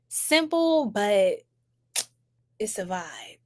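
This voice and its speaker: A woman's voice: high voice, very animated, drawn-out words, darkish tone. A young woman from New York with a New York accent, chatting casually and animatedly with her livestream audience in slangy, laugh-filled talk. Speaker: tarot reader livestream host.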